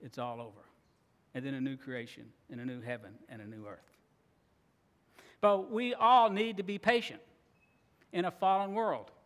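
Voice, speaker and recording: A man preaching a sermon, earnest and expressive, now and then acting out grumbling voices. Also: sits high, normal speed, pauses often. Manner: earnest, acts out grumbling voices, laughs at times. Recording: long reverb of a large hall.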